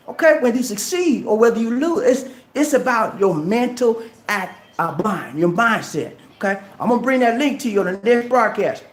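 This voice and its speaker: This is a man giving travel advice in a vlog, pushing his points with animated, preachy energy. He leans on casual filler words and acts out short exchanges. His voice carries a noticeable echo from a hard room. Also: high voice. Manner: animated and preachy, acting out little dialogues; colloquial, repeats "man" and "okay". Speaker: travel vlogger. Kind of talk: casual motivational talk to camera. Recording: echoey room.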